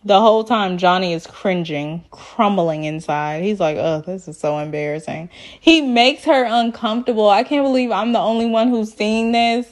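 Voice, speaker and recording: A woman's voice: medium pitch, normal speed, hardly any pauses. A woman recapping a reality show in a sassy, chatty way, full of slang asides. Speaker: TV recap vlogger.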